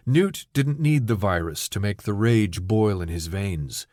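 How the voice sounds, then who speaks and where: A man reading an audiobook novella in steady, measured scripted narration. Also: lowish voice, dry recording, clean studio sound.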